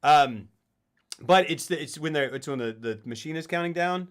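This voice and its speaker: A man's voice: fairly high pitch, moderate pace, clean tone. A man hosting a live game stream, chatting casually in a rambling, jokey way. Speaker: streamer host. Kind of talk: casual chat over gameplay.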